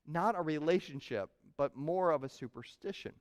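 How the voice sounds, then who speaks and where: A man preaching in a church, his voice high and smooth. He tells the story with animated energy and slips into the panicked voices of the crowds. The sanctuary carries a long reverb behind every word. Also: normal speed. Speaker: pastor. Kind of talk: sermon.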